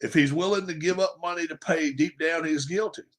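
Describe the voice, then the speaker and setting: A man's voice: a little high, a little fast, slight background noise. A man hosting a sports livestream, ranting emphatically, repeating points and firing off rhetorical questions. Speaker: livestream host. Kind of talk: opinionated sports rant.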